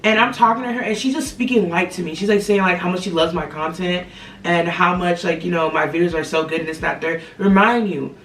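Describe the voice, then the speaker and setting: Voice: medium pitch, fairly even intonation, fairly quick, a bit bright. A content creator telling a personal motivational story to viewers in a chatty, filler-heavy way, often calling them guys and y'all. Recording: roomy, slightly distant, faint ambient noise.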